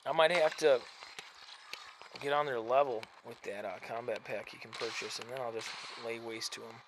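A man hosting his gaming channel, giving chatty, self-mocking commentary while he plays, swinging between mumbling asides and loud frustrated outbursts. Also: medium pitch, fairly even intonation, moderate pace. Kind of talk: casual gameplay commentary. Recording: noisy background.

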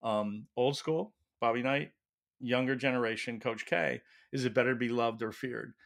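Guy telling a story in an interview, mid-pitched, lively, acts out the quotes. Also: normal speed, gravelly. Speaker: leadership professor, guest.

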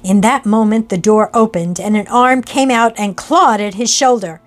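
A woman reads an old ghost story aloud at a deliberate, measured pace. Her voice sits at an ordinary middle pitch, with faint music beneath the narration. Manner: slow, measured reading.

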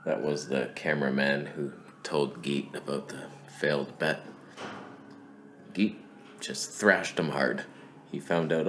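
A man's voice: very deep voice, measured pace, slight background noise. A man vlogging about cameras, telling a comic story and acting out his friends' lines. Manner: animated, acts out friends' voices. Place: outdoors.

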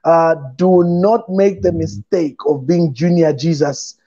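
Lively, laughing pastor on a call. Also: male voice, fairly high pitch, slow pace. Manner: animated, laughing, acts out voices in his stories. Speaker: pastor and show host. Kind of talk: casual online chat. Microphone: video call. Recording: dull lo-fi online call audio.

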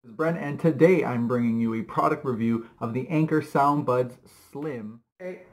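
A man's voice: medium pitch, moderate pace. Playful man vlogging to camera. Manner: playful, joking, hums and sings silly sounds. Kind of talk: casual vlog to camera.

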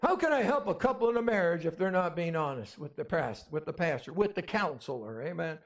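A man's voice: a little high, lively intonation, fairly quick. A man preaching a sermon as pastor, emphatic and repetitive, often calling out amen. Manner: emphatic, repetitive, calls for amens.

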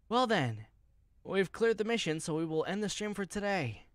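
A man's voice: high-pitched, very animated, normal speed, dry recording, studio quality. A man streaming a horror game, jumpy and panicky, swearing often as he plays. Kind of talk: horror game livestream commentary.

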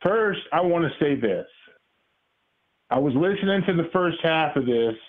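A man calling into a show, telling his take in an animated way and laughing through his lines over a phone line. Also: a little high, moderate pace. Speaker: caller. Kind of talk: casual call-in chat. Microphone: phone call.

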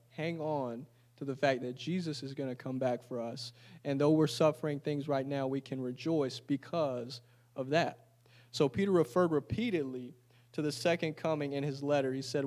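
A man's voice: fairly high pitch, darkish tone. A man preaching a sermon in a church. He reads scripture aloud and then explains it in casual, everyday talk. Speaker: pastor.

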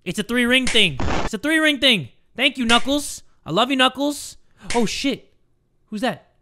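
Excitable, shouty male gamer. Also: very high-pitched, moderate pace, background noise. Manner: excitable, shouty, profane banter at the game. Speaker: gaming YouTuber. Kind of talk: let's-play commentary.

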